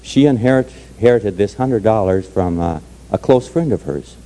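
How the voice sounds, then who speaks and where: A hoarse man telling folksy jokes to an audience in a parlor. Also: fairly low pitch, lively intonation, moderate pace, mellow. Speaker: entertainer telling Irish jokes.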